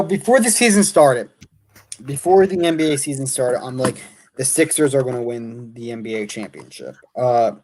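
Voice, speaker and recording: A man's voice: medium pitch, darkish tone. A man hosting a casual sports talk show. He is an opinionated fan who thinks aloud, corrects himself, and reads statistics off the screen.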